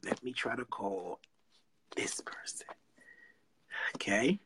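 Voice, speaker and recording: A man talking to his fans in a casual, heartfelt vlog, animated, profane and emotional, drawing out his thanks slowly. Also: whispered. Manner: drawls slow heartfelt thanks, then bursts high and loud. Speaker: vlogger addressing fans.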